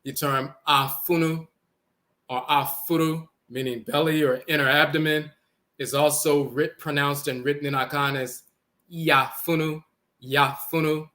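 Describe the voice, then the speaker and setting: A man's voice: a little high, steady tone, moderate pace, a bit bright. A man giving an explanatory lecture, repeating words and sounding out letters as he teaches.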